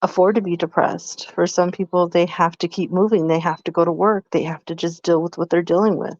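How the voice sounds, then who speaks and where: A woman of middle pitch who talks chattily and playfully, full of "like" fillers. Her voice sounds a little dull and muffled, with no room echo at all. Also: steady tone, a little fast, darkish tone. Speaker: podcast co-host. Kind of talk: casual live-stream chat.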